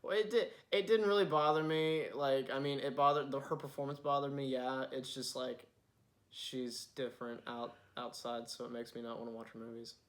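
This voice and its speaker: A man's voice: medium pitch, steady tone, moderate pace, a bit bright. A man co-hosting a podcast, chatting in a laid-back, playful way and acting out quotes. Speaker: podcast co-host. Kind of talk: casual chat.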